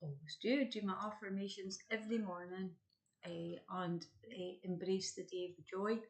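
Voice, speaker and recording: A woman co-hosting a casual live chat show, soft-spoken and tired. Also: medium pitch, fairly even intonation, normal speed. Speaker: chat show co-host, wellness therapist.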